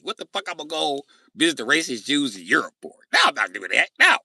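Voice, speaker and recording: A man hosting a casual livestream rant, answering chat comments loudly, swearing and joking. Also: mid-range voice, big pitch swings, fast talker, creaky, few pauses, no room sound, studio quality. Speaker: livestream host.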